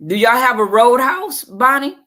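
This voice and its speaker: A woman's voice: fairly high pitch, sing-song, normal speed, sharp tone. A woman with a Southern US accent, hosting a crochet livestream and chatting playfully with her viewers. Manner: chatty and playful, reads live chat aloud. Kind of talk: casual chat.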